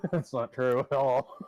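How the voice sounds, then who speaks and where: A man's voice: medium pitch, a little mellow, no room sound, highs cut off. A man narrating as game master in a tabletop game, rambling and laughing often.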